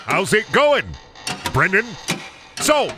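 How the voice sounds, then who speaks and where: A man voicing a cheerful talking fuse box character in a high, excited voice while playing a game. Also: slow pace, music in the background, full character voice. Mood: cheery. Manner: squeaky, excited, jokey.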